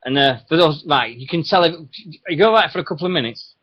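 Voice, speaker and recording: Chatty radio host. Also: male voice, on the high side, fast. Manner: chatty, rambling, laughs often, animated storytelling. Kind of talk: casual radio chat. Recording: dull lo-fi internet radio audio.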